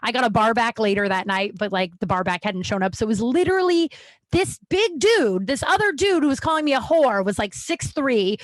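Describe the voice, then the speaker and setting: A woman's voice: a little high, lively intonation, brisk, dry recording. A woman in her thirties hosting a podcast from a small room at home, telling a personal story in a blunt, frank way, swearing freely and restarting sentences. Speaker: podcast host.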